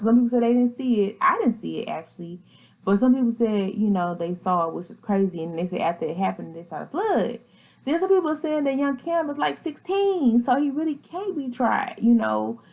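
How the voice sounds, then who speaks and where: A woman's voice: on the high side, animated, brisk, a little mellow, low-quality recording. A woman hosting a casual commentary vlog, talking in a chatty, slangy way and laughing easily. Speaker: vlogger host.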